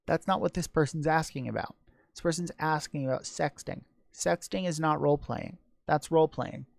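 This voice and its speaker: A man's voice: fairly high pitch, normal speed, gravelly, no room sound, clean studio sound. A man hosting a casual live-stream Q&A on sex education, blunt and joking crudely.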